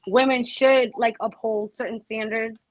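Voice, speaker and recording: A woman's voice: a little high, steady tone, a little slow, poor audio. A woman co-hosting a podcast, asking questions in a casual, conversational way. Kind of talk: casual chat. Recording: clear background noise.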